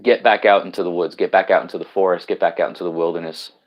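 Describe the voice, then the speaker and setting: A man's voice: low-pitched, fairly even intonation, quick pace, lo-fi sound. A man hosting a casual live stream from home on his laptop, greeting viewers, reading out their comments and rambling with many fillers and restarts.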